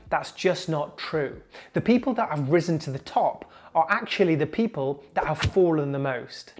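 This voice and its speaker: A young man giving an earnest, measured motivational talk to camera, slowing down to stress key points. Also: fairly high pitch. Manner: earnest, measured, slows down for emphasis. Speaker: junior doctor and comedian, video host.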